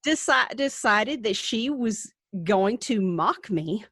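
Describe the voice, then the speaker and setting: A woman with an Appalachian accent, frank and wry in casual conversation. Her voice sits a little high. The sound is dry and close-miked. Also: animated, slow pace, fairly bright tone, husky, no echo. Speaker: podcast co-creator, guest. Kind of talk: casual interview chat.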